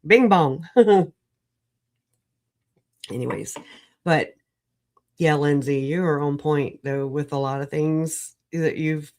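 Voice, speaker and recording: A woman on a livestream video call, recovering from an illness, talking in an animated, rambling way, laughing often and swearing. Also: low-pitched, slow, pauses often. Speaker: livestream guest. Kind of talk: casual livestream chat.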